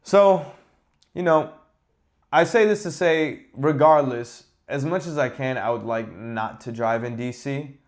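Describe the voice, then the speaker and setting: A man's voice: medium pitch, a little slow. Exasperated man ranting on a podcast. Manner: animated, exasperated, profane. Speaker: podcast host. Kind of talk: casual ranting monologue.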